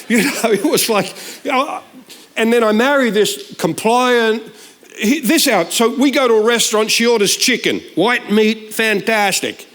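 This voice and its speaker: Guest preacher, sixties, high voice, animated joking delivery that jumps into shouted punchlines. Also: male voice. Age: 60s. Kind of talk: humorous sermon storytelling.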